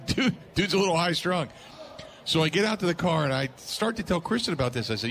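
This male sports radio host talks a little fast with a voice on the high side. Laughing and lively, he relates a story and performs the lines people spoke.

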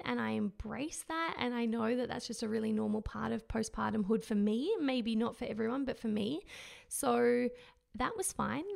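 A woman in her thirties, a mother, talking candidly and reflectively in a casual personal monologue, with fillers and soft laughs along the way. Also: fairly high pitch, gravelly. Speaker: mother sharing her postpartum experience.

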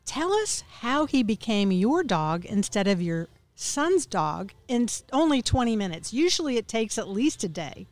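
A woman's voice: a little high, big pitch swings, normal speed, few pauses, a little mellow, dry recording. A woman hosting an interview, prompting her guest with short interjections and questions. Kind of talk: conversational interview.

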